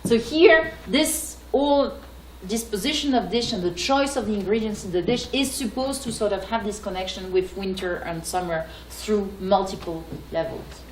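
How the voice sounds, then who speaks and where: A French-accented woman gives a lecture in an echoey hall, with a faint hum of room noise behind her. She talks hesitantly, with many fillers and restarts, at an even middle pitch. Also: moderate pace, few pauses. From France. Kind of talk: academic lecture.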